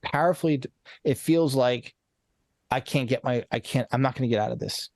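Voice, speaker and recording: Speaking fairly quickly in a medium-pitched, slightly mellow voice, a man appears on a podcast as a guest coach. In the casual interview his earnest talk wanders, with many restarts and repeated words. The studio sound is clean with no echo.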